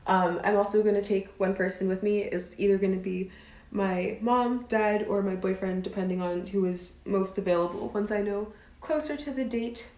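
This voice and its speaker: A woman's voice: medium pitch, steady tone, moderate pace, a little mellow. A chatty woman in her twenties answers viewer comments on a casual live stream. She talks loosely and leans on "um" and "like" between thoughts. Her voice sits in a roomy space with noticeable echo. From United States. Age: 20s. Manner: chatty, fillers like "um" and "like".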